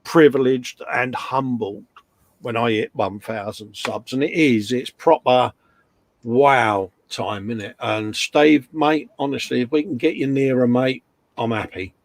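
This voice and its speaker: A man's voice: mid-range voice, unhurried, no echo. A middle-aged man hosting a casual live stream, chatting, reading viewer comments aloud and slipping in puns.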